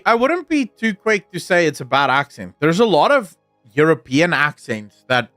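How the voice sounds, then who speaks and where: A man's voice: on the high side, sing-song, normal speed, a bit bright, dry recording, faint music behind. Rambling opinionated man chatting on stream. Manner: rambling, opinionated, frequent restarts. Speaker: streamer answering chat. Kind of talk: casual livestream chat.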